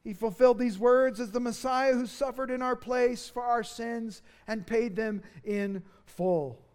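A pastor delivering a sermon in an earnest, emphatic way, with dramatic rises for key phrases. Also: male voice, very high voice, steady tone, a little slow, darkish tone, clear, resonant tone.

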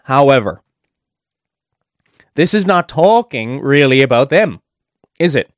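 A man delivers a sermon in a relaxed, conversational way, pausing for asides as he works through a verse. His voice sits at a mid pitch. The sound is dry and close, with no room echo. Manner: conversational, thinking aloud with asides. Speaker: preacher.

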